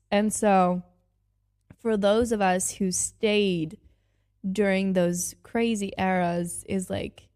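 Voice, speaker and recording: Slow-talking, gushing young woman podcaster. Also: medium pitch. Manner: gushing and excitable, repeating exclamations. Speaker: podcast host. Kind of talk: casual reaction commentary.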